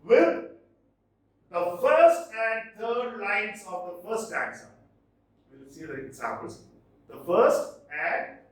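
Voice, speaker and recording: A male teacher lectures at a deliberate, unhurried pace, his voice rising and falling with lively emphasis. He often repeats the key words. The sound is distant and heavily reverberant, as if captured from across a bare classroom. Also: high voice. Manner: slow, explanatory, repeats key points, emphatic stresses. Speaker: English literature teacher. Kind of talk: recorded lecture. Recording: very echoey room, mic at a distance.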